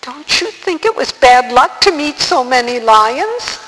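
A man's voice: extremely high pitch, big pitch swings, unhurried, pushed and bright, big-room sound, a little hiss or hum, pitched above the performer's own voice, full character voice, low-quality recording. A man doing a bewildered young boy. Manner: urgent, disbelieving questions.

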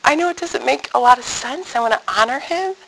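Gravelly, bright-toned woman telling a story. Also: sits high, fairly quick, rough recording. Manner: animated, acting out quoted family members. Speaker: speaker sharing a faith testimony. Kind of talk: personal storytelling talk to an audience.

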